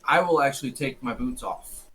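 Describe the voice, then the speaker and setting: A man's voice: medium pitch, normal speed, bright, forceful tone, slight background noise. Man player speaking casually in character. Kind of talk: playing a tabletop game.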